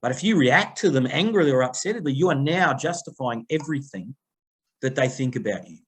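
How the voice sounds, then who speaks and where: His mid-range voice is fairly quick with a breathy edge. The middle-aged Australian man, a people-pleasing coach guesting on a conversational podcast, tells lively stories and acts out the other voices, including phone quotes.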